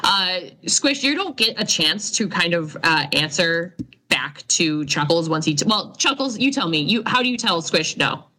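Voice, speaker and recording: A woman runs a tabletop game as game master, narrating with drama and energy. Her voice is bright and forceful. She mixes in fillers as she builds the scene. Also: on the low side, sing-song, normal speed.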